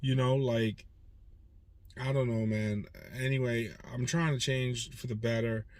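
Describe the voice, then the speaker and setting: A man's voice: medium pitch, steady tone, measured pace, a little mellow, no room sound. Profane streetwise man in his forties. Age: 40s. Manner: profane, streetwise, rambling talk. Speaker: independent used car dealer and channel host. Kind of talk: casual vlog monologue.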